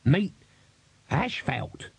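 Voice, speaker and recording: A smooth-talking male trader, voiced by a man in a storybook, soothing and wheedling. The tone is dark and husky. The recording is close and dry. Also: on the high side, sing-song, drawn-out words, no room sound, pitched above the performer's own voice, heavily acted. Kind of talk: audiobook character voice.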